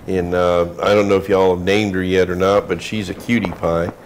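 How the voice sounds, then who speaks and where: A man's voice: low voice, little pitch movement, normal speed, slight background noise. A man hosting a casual local TV chat in a folksy, chatty way. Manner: folksy, chatty, says y'all. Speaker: TV show host.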